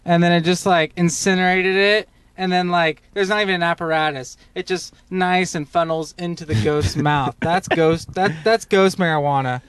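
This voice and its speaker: A man riffing in a comedic panel, rambling and halting with lots of filler words. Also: sits high, steady tone, fairly bright tone. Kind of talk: comedic improv chat.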